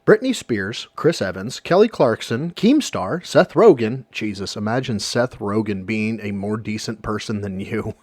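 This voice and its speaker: Man, sarcastic commentary narration, lively swinging pitch, dry close sound. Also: measured pace, few pauses, no echo. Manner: sarcastic, mocking.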